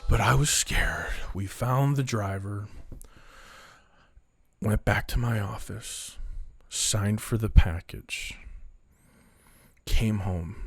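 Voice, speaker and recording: A man's voice: fairly low pitch, takes it slowly, creaky, pauses often, breathy edge, no room sound. A man telling a dramatic personal story to camera for his vlog, acting out what people said along the way. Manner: dramatic, quotes people in different voices.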